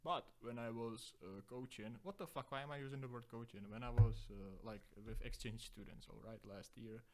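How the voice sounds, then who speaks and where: A man's voice: mid-range voice, a little fast, a little mellow. A young man hosting a solo podcast, rambling through profane, self-deprecating digressions. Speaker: podcast host.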